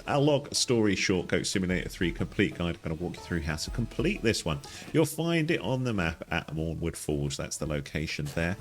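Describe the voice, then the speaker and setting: A man narrating a playful game walkthrough, joking and chatting to the characters as he plays. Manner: jokey, talks to characters in silly voices, jumps high in pitch. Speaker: gaming guide host.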